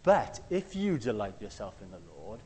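A man preaching a conversational sermon. He tells stories and acts out the quotes, sometimes shouting them loudly. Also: on the low side, big pitch swings, normal speed, slightly rough, in a large hall.

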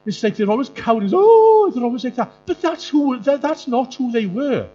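A male preacher, delivering a sermon in an animated way, often jumping into mocking voices. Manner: animated, jumps into high mocking voices for quoted characters. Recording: muffled lo-fi sound with faint music.

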